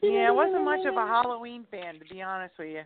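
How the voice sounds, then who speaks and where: A woman co-hosting a casual radio chat, telling animated stories full of exclamations and laughter. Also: a little high, fast, a crowd in the background. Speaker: co-host. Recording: tinny phone-like line, dry.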